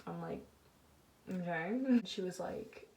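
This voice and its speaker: A woman's voice: lowish voice, slow, darkish tone. A teenage girl vlogging, candidly retelling a painful personal story with emotion. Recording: roomy sound, mic at a distance.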